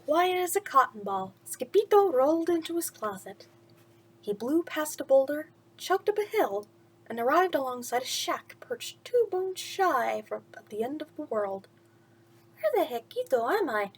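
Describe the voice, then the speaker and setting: A woman's voice: high-pitched, normal speed, slight background noise. A woman reading a children's picture book aloud at bedtime, with chatty asides about the pictures and frequent laughs. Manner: lively, laughs often, points out pictures.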